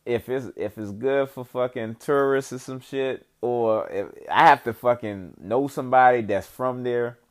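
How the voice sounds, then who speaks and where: A man's voice: medium pitch, measured pace, hardly any pauses. A young man rambling casually about his life, swearing often and leaning on slang and "you know what I'm saying.". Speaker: vlogger giving life updates. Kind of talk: casual profane monologue.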